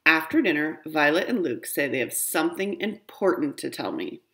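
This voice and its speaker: A woman reading a children's storybook aloud, with a lower voice that swoops up and down expressively. Her delivery is animated and playful. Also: moderate pace. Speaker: reader.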